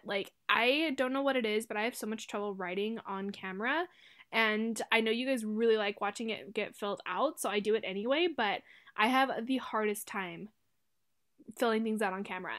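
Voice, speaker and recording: Chatty young woman, bright-pitched. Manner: chatty, rambling, many fillers; self-deprecating, laughs often. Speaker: planner vlogger. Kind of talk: casual voice-over narration.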